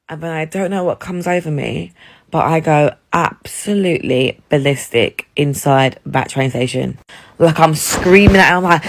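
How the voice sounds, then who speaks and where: A woman from England telling a dating story in a casual, animated way, laughing and swearing. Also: fairly low pitch, moderate pace.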